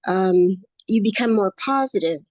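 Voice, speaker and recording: A woman's voice: medium pitch, lively intonation, measured pace, darkish tone, no room sound. Woman, late 60s, upbeat rambling interviewee; dry, slightly dull recording. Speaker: course student interviewee. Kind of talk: casual interview conversation.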